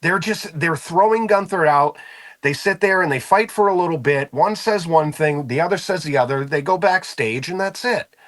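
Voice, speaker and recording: Co-host guy, slightly higher voice, blunt and sweary, just chatting about wrestling. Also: moderate pace, fairly bright tone. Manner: blunt, profane complaining. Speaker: podcast co-host. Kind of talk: casual wrestling talk show chat.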